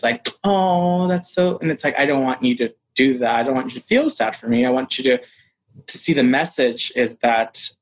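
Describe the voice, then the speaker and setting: A man telling a personal story in a casual interview, acting out quoted voices with lively shifts. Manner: animated, acts out quotes in a higher voice. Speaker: interview guest.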